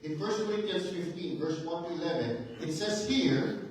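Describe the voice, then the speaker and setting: High-voiced preacher in an echoey hall. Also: male voice, animated, moderate pace, a little hiss or hum. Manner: emphatic preaching, rhetorical questions, rising to intense fervor. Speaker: pastor. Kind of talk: sermon. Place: church sanctuary. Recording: very echoey church hall, mic at a distance.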